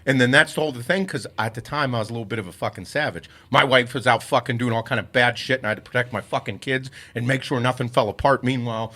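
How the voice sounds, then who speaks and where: A man's voice: medium pitch, fast, hardly any pauses, a bit bright. Profane, intense male podcast host. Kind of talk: casual podcast chat.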